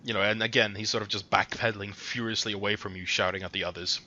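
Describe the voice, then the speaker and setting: Bright-voiced man running a tabletop game. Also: fairly low pitch, steady tone, quick pace, dull audio. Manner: casual, chatty, hums while looking up rules. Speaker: game master.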